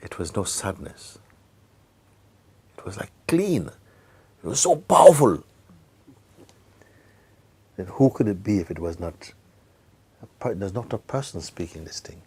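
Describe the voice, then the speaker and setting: A man giving a spiritual talk to a gathering, speaking gently, often laughing and sometimes dropping into a whisper. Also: fairly low pitch, sing-song, a little slow, gravelly, long pauses, slightly rough. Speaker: spiritual teacher.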